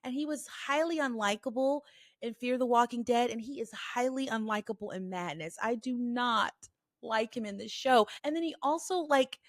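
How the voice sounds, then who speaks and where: A woman in her thirties hosting a casual solo podcast, telling stories in an animated, blunt way with plenty of swearing. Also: a little high, normal speed, dry recording, studio quality. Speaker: podcast host.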